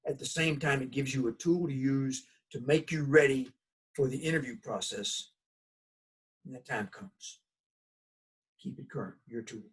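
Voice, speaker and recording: A husky man's voice of medium pitch moves at a moderate pace, recorded far from the microphone. He's a college instructor from the US with a Southern accent, giving a folksy, conversational lecture full of animated storytelling.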